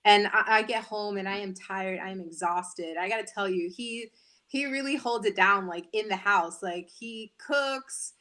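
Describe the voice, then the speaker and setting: A woman's voice: medium pitch, normal speed, bright, forceful tone. A woman news anchor in her thirties, chatting candidly and animatedly as a guest on a talk show.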